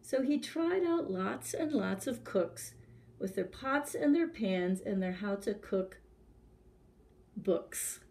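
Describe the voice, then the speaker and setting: A woman librarian reading a picture book aloud to children in a gentle, animated storytelling manner. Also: mid-range voice, slow, vocal fry.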